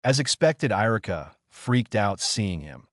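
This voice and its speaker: A man narrating a fan-fiction story in a steady storytelling manner. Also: fairly low pitch, measured pace, no echo, studio quality.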